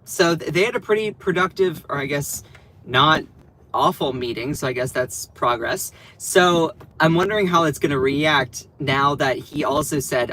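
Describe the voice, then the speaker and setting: A man talks through political clips on his stream in a casual, sarcastic way. His voice sits a touch high for a man. He rambles, trails off and restarts sentences as he reacts. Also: moderate pace, bright, forceful tone, slight background noise. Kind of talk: casual commentary.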